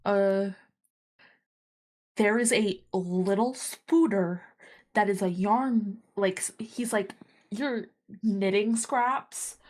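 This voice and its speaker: Relaxed young woman chatting on stream. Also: mid-range voice, slow pace, long pauses. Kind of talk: casual chat.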